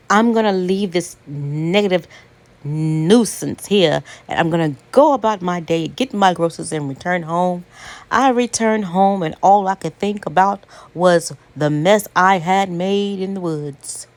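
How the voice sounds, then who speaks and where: Slow, deliberate woman storyteller. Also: on the low side. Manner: unhurried, deliberate and dramatic. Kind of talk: first-person storytelling.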